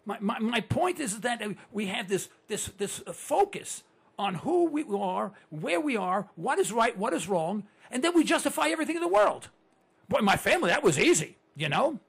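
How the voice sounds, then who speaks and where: Animated gravelly-voiced man in his sixties. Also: very high voice, normal speed. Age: 60s. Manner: animated storyteller, rhetorical questions, repeats words. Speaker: broadcaster addressing listeners. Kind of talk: conversational monologue with anecdotes.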